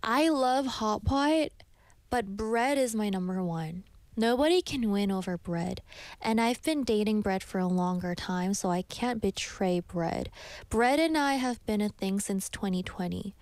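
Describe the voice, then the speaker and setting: A woman's voice: mid-range voice, expressive, a little slow, a little mellow, dry recording. A woman radio host chatting in a bubbly way and reading listener messages, in a radio studio.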